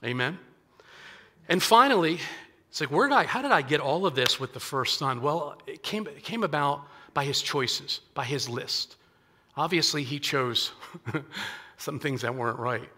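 A male pastor gives a conversational sermon, often restarting phrases and slipping into the voices of scripture figures. His voice sits a little high and sounds bright and forward. The sound carries the long reverb of a church sanctuary. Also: animated, measured pace, breathy edge. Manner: conversational preaching with frequent restarts and acted-out quotes.

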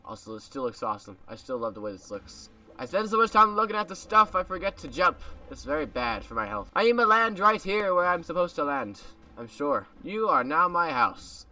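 A gaming video creator casually commentates his gameplay from a home room, his high, bright, pushed voice very animated and a little fast. He's far from the mic, with faint music behind him. Playful and joking, he talks to viewers in a made-up accent he puts on.

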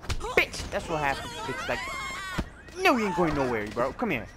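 A young man giving playful, excitable gameplay commentary, trash-talking and swinging from sudden shouts to low mutters. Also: normal speed. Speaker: gaming YouTuber. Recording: loud game sounds behind the voice. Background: video game noise and vehicle sounds.

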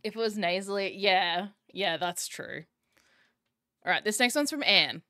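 A woman's voice: mid-range voice, animated, unhurried, pushed and bright, no room sound, studio quality. A woman streamer hosting her live stream in casual chat, talking straight to her viewers and laughing often. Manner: giggly, chatty, addresses chat directly. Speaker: streamer host.

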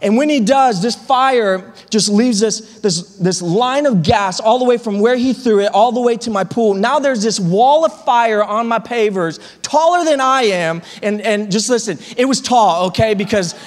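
A male pastor with a high voice tells a funny story from the pulpit in an animated way, tripping over repeated words. A long reverb rings through the church sanctuary behind him. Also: moderate pace, few pauses. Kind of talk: storytelling sermon.

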